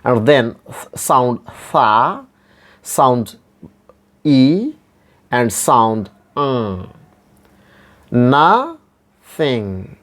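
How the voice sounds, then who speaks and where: A man teaching pronunciation, repeating each word slowly and spelling it out letter by letter. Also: medium pitch, lively intonation. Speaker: English phonetics teacher. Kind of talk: slow pronunciation lesson.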